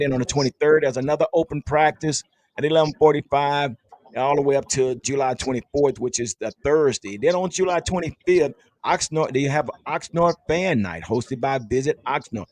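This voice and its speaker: A man's voice: mid-range voice, darkish tone, dry recording. A man hosting a casual sports fan podcast, upbeat and chatty, laughing often. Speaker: podcast host.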